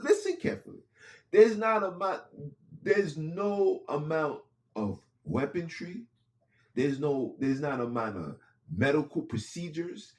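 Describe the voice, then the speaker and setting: A man hosting a podcast, speaking in an impassioned monologue with casual street phrasing and repeated lines for emphasis. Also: mid-range voice. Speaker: podcast host.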